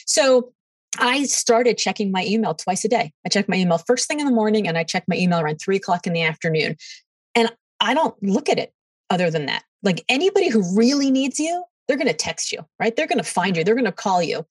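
A middle-aged woman, a podcast guest, answering in an animated way and acting out what others said to her. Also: mid-range voice, fairly quick, breathy edge, no room sound, distant mic. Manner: animated, quotes others in dialogue. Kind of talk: storytelling interview answers.

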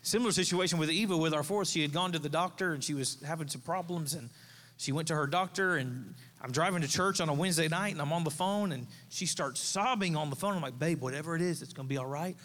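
Pastor guy in his 30s preaching, kinda high voice, big church echo, chatty storytelling. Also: fast, fairly bright tone. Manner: storytelling, conversational preaching with asides to the congregation. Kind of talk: sermon. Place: church sanctuary.

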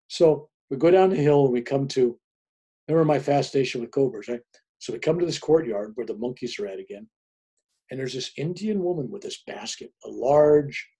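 A man in his seventies, a spiritual author appearing as a guest, who tells stories in an animated way and chuckles as he goes. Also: mid-range voice, husky. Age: 70s. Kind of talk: casual storytelling.

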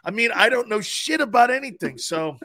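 Animated high-voiced man telling stories. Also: fairly quick. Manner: profane storytelling, laughs loudly. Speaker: co-host. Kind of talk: casual sports radio chat.

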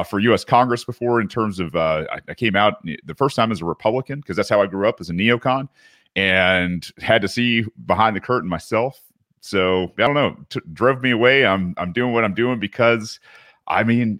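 Booming deep-voiced man, laid-back. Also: a bit bright, no echo, clean studio sound. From US South. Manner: laid-back, swears freely, laughs easily. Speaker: podcast guest. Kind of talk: casual podcast chat.

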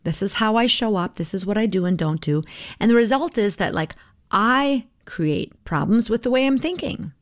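A middle-aged woman talks through her coaching ideas in a relaxed podcast monologue. Her manner is conversational and reflective, and she checks in with listeners as she goes. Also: mid-range voice, normal speed, no echo, clean studio sound. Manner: conversational, reflective, tags with "right?".

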